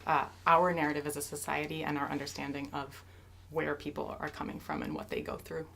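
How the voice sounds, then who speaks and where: A woman from the cast sharing a story in an interview in a measured, relaxed way. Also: low-pitched, gravelly. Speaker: cast member. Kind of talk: casual anecdote.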